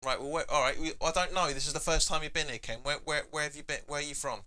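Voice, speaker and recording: Chatty fan, bright voice. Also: male voice, a little high, steady tone, fast. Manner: chatty, reading chat comments aloud, bursts of shouting at the match. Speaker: fan channel host. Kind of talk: live football watch-along chat.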